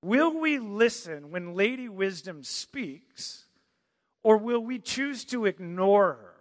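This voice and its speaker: A high-pitched man preaches in a conversational way, tossing questions out to the congregation. His voice carries a long reverb from a large hall, though the close sound itself stays dry. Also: sing-song, slow pace. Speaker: pastor. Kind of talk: sermon.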